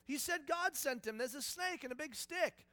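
Man doing excited townsfolk, squealing, very high, loud, breathless. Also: moderate pace, dry recording, heavily acted. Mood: amazed. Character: amazed excited townsfolk crowd.

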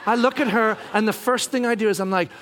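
A very high-pitched, bright, forceful male voice belonging to a middle-aged pastor. He preaches through a personal story and animates it with acted-out exchanges and sudden shouts. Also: fast. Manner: animated, acts out scenes, bursts into shouting. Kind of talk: sermon storytelling.

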